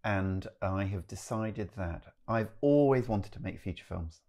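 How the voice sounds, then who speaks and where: A middle-aged man talks in a relaxed, chatty way, running several threads at once and restarting his sentences. His voice sits on the low side. He is self-deprecating about his own habits. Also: unhurried. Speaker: choreographer, interview guest. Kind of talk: relaxed interview chat.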